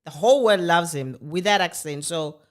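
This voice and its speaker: South african lady, zulu first language, really low voice, animated storyteller, keeps saying yes yes on a chat podcast. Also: moderate pace. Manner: animated storyteller, laughs often, emphatic agreement. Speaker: podcast co-host. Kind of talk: casual chat. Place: podcast recording in Britain.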